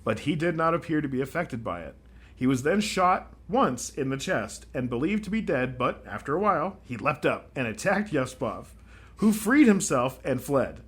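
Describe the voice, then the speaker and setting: An animated man co-hosting a history podcast, his pitch swinging up and down as he reads out facts. He breaks in with jokes and asides as he goes, in a relaxed conversational way. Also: moderate pace, breathy edge. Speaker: podcast co-host. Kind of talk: casual history podcast chat.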